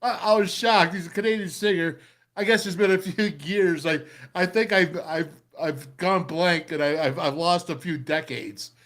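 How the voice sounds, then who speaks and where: A man's voice: high-pitched, moderate pace, fairly bright tone. A man hosting a casual sports talk show, jokey and upbeat, laughing easily as he brings on his panel.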